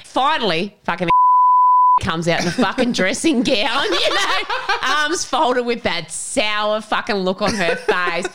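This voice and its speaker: A woman's voice: a little high, a little hiss or hum. A woman co-hosting a casual podcast chat, swearing freely and laughing through her stories. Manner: swears constantly, laughs often, storytelling; animated, fast bursts. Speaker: podcast co-host.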